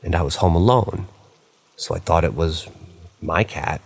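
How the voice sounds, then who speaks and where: A man with a very deep voice reading horror stories aloud. His delivery is casual and conversational, and he sometimes breaks in with offhand asides. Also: a little slow, vocal fry. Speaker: narrator.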